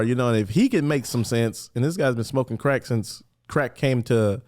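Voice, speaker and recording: A man from Los Angeles talks as a podcast guest, his voice sitting at an ordinary middle pitch. He tells his story in an animated, conversational way, filling his speech with "like" and jumping into character voices for the people he quotes. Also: normal speed, hardly any pauses. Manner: animated, acts out quoted voices, many "like" fillers.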